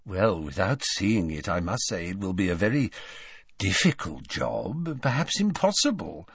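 A man's voice: sits low, sing-song, unhurried, husky, no echo, clean studio sound, recorded from a distance, heavily acted. A man reading an audiobook, voicing a stooping, nervous older shopkeeper who sounds hesitant and fawning. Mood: wary. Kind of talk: audiobook character voice.

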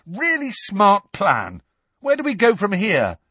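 A sour, sarcastic teenage boy who snaps his words out, as a male narrator puts him on. The voice is lifted a little above the reader's own and has a husky grain. The recording is close and dry. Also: sits high, huge pitch swings, slow, bright, forceful tone, dry recording, voice pushed up, heavily acted. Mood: bitter. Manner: bitter, clipped, sarcastic. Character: angry teenage boy, bitter and sharp.

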